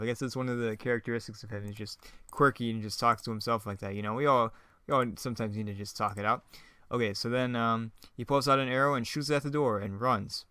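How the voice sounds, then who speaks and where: A man riffs casually on his own old script, chuckling often and poking fun at it in a loose, rambling way. His mid-pitched voice is smooth and clear. The sound is close and dry. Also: pushed and bright, no echo. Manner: laughs often, rambling, self-mocking. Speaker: online video creator.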